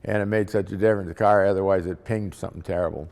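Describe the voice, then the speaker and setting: A man's voice: sits low, fairly even intonation, fast, vocal fry, a little mellow. A man, a missionary, telling a testimony story in a folksy, dramatic way. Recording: long hall reverb.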